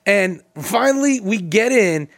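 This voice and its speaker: A man's voice: sits high, lively intonation, a little slow, creaky, fairly bright tone. A man co-hosting a podcast, joking and laughing through casual banter. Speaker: podcast co-host.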